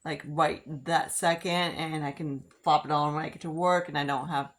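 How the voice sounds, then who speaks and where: Woman vlogger, lowish voice, rambling casual makeup chat, heavy on "like". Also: steady tone, moderate pace. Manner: rambling, filler-heavy, frequent "like". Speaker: beauty vlogger. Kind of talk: casual get-ready-with-me chat.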